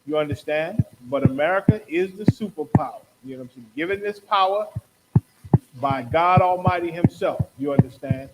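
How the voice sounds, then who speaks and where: A man's voice: a little high, normal speed, very noisy. A man hosting a talk show, giving impassioned, preachy religious commentary and acting out quotes. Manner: preachy, rhetorical, acts out quotes. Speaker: podcast host.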